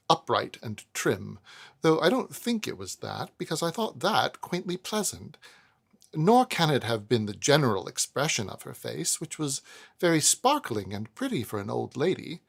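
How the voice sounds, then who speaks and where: Gravelly, expressive man reading a classic novel. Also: mid-range voice. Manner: expressive, chatty asides. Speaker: audiobook narrator. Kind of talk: cold-read classic novel narration.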